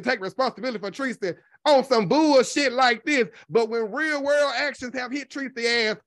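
A foul-mouthed commentary vlogger with a mid-range voice rants through profane gossip, full of sass, drawn-out emphasis, and constant swearing. The animated delivery swings between loud jabs and low asides, and the sound is dry and close with no room sound at all.

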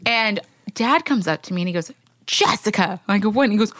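A woman's voice: mid-range voice, animated, fast, a bit bright, dry recording, studio quality. A woman co-hosting a podcast who tells stories with animation and acts out the people she quotes. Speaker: co-host. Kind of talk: casual podcast chat.

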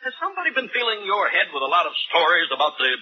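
An actor playing a brisk, bossy company boss in a 1940s radio sitcom. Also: male voice, high voice, wildly swooping pitch. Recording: dull lo-fi old radio recording.

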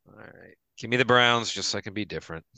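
A man hosting a casual sports podcast, running briskly through the week's matchups with loose, profane banter. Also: on the low side, bright, forceful tone. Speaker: podcast host reading the game lines.

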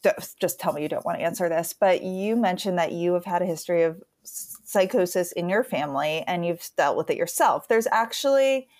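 A woman hosting a podcast who asks careful, gentle questions and adds short narrated notes in a measured way. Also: fairly low pitch. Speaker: podcast host. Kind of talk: interview questions and recorded narration.

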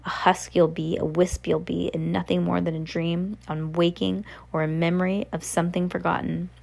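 A woman reading sad, faded ghost children in a storybook, their lines slow and drawn out. Her voice is low and gravelly, with a heavy sense of loss. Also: little pitch movement, darkish tone. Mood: mournful. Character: sorrowful ghost children, faint and lost. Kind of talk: audiobook reading.

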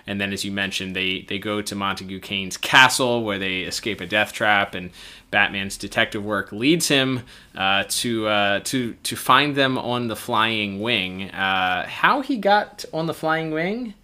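Male co-host, bright and slightly low, halting casual delivery. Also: clean tone. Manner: hesitant, many fillers and restarts. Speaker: podcast co-host. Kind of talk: casual episode review.

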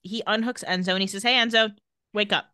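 A woman co-hosting a casual podcast, recapping a TV episode and quoting the characters with quick quips. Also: medium pitch, clean tone, dry recording, clean studio sound. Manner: animated, quotes characters in quick quips and laughs often. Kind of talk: casual chat.

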